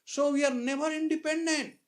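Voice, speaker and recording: A man giving a live spiritual talk, telling stories with dramatic pauses and sudden swells in volume. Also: very high-pitched, steady tone. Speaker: spiritual speaker. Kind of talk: sermon with anecdote.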